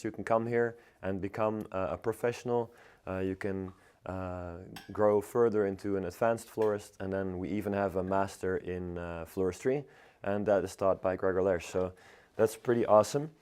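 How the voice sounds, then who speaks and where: A hoarse man teaching floristry on a live stream, talking in a halting, chatty way with lots of filler sounds. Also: lowish voice, darkish tone. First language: Dutch. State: hoarse, strained voice. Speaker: florist teacher hosting a livestream. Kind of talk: live demonstration, chatty and unscripted.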